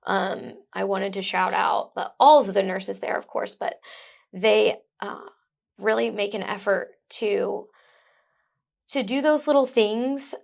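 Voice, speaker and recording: Young woman with a gravelly edge. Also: medium pitch, steady tone, slow. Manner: heartfelt, effusive. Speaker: guest, new mother. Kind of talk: conversational interview.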